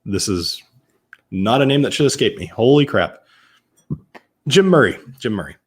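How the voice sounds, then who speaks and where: A man's voice: mid-range voice, lively intonation, normal speed, husky. A man from Massachusetts hosting a casual live-stream whiskey tasting, chatting loosely, often restarting and correcting himself as he answers viewers. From Massachusetts, USA.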